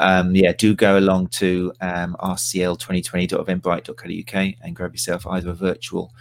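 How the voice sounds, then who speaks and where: A man hosts a live stream with a low, gravelly voice. He talks casually and pokes fun at himself, with plenty of ums and asides. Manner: chatty, self-deprecating, full of ums. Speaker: host.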